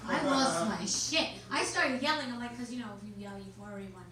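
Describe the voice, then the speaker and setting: A middle-aged woman does a stand-up comedy set, her higher voice moving between deadpan punchlines and sudden shouts. She is recorded from far off in a small, echoey club. Loud background noise runs underneath her. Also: fairly quick, few pauses. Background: small crowd laughing.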